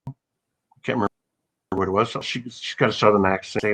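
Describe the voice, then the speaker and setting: A man's voice: fairly low pitch, fairly even intonation, quick pace, long pauses, a bit bright, slightly rough, poor audio. An older man, an actor, telling rambling, anecdotal stories in a casual interview, with many restarts.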